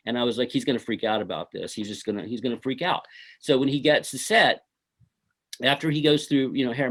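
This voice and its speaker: A middle-aged man, a filmmaker being interviewed, telling stories from his film shoot in a rambling way full of "you know" and "uh". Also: mid-range voice. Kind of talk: casual interview storytelling.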